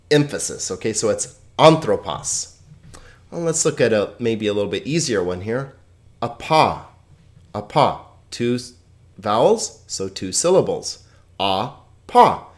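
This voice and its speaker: A teacher giving a video lesson on Greek pronunciation, joking and chuckling, slowing down to drill words one by one. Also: medium pitch, darkish tone. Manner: playful, chuckles at own jokes; slow, deliberate word-by-word pronunciation drills.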